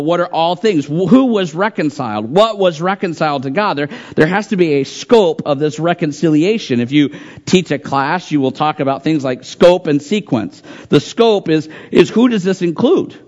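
A pastor delivers an earnest sermon, reading scripture aloud and doubling back on phrases to drive them home. His voice sits a touch high for a man. The recording is dull and lo-fi. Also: darkish tone. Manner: earnest preaching, reads scripture aloud, repeats phrases for emphasis.

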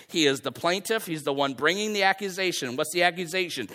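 A man's voice: high-pitched, a little fast, hardly any pauses, sharp tone. A man preaching a sermon on a prophet's words, talking in a conversational way and slipping into quoted voices to make his point.

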